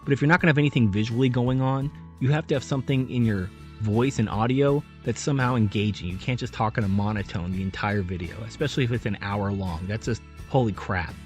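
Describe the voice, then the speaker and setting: A man talking straight to camera in an unscripted commentary, giving earnest advice and shifting his delivery to stay animated. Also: fairly low pitch, quick pace, soft background music. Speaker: YouTube commentator.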